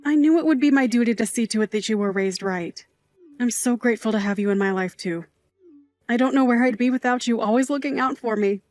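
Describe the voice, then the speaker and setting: A woman's voice: on the high side, fairly quick, a little mellow, lightly acted. A woman playing a middle-aged aunt who raised her nephew, a sentimental night worker who is fond, dramatic and teasing. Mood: tender. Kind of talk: scripted dialogue drama.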